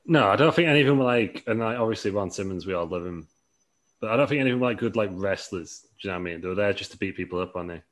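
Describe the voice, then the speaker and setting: A man's voice: lowish voice, lively intonation, very fast, fairly bright tone. A man co-hosting a podcast in loose, rambling casual chat. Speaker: podcast co-host.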